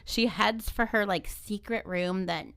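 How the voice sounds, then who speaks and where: Podcast co-host, woman, bright clear voice, casual animated storyteller. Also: mid-range voice. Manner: animated, quick to agree and laugh. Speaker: podcast co-host retelling a fairy tale.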